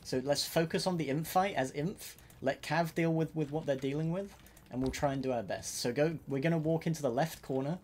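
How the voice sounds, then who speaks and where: A man streaming a competitive match, shouting quick, repetitive orders to his team and swearing often. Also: a little high, a little hiss or hum. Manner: urgent, repetitive callouts, swearing. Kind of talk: live gaming comms, giving orders.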